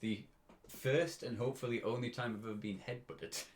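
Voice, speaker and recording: A man's voice: medium pitch, steady tone, brisk, heavy background noise. A British man in his twenties telling a story on a casual podcast, often breaking into laughter. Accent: British English. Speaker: podcast co-host.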